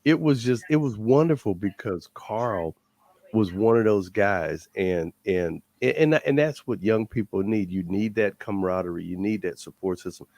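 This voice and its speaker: A man, a guest, telling stories in an animated way and often repeating words as he builds up. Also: on the low side, moderate pace. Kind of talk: animated storytelling.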